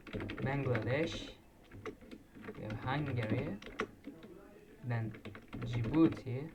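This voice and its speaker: Man, quiz video commentary, halting self-corrections, distant mic. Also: medium pitch, background noise. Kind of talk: casual commentary while playing a flag quiz. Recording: distant mic with loud keyboard typing. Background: keyboard clicks and typing.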